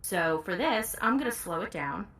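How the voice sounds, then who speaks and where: A woman's voice: medium pitch, animated, moderate pace, a bit bright. A woman audiobook narrator, a guest in a casual interview, talking candidly and laughing easily.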